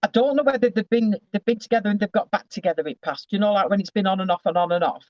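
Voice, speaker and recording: A man's voice: high voice, racing, dry recording, dull audio. A man giving a casual psychic reading over a video call, rambling and often breaking off with asides.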